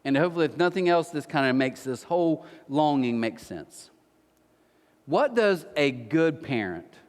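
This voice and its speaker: Animated male pastor, lively voice, hall reverb. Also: a little high. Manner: animated storytelling with playful asides. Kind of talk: sermon. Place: church auditorium.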